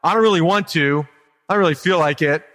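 Man doing a reluctant, sulky churchgoer, voice a touch high, long hall reverb. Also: quick pace, a bit bright, faint music behind, natural voice. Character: grudging, resentful churchgoer.

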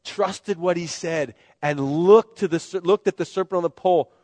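A middle-aged male pastor preaching a sermon, animated, acting out the voices of people in the story. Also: sits high, normal speed, no echo.

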